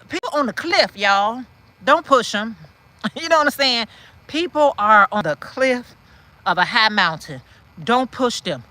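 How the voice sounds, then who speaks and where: A woman's voice: on the high side, sharp tone. A woman hosting a walk-and-talk chat, who preaches encouragement, repeats lines for emphasis and answers viewer comments as she walks outdoors. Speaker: channel host. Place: outdoors, walking in a city.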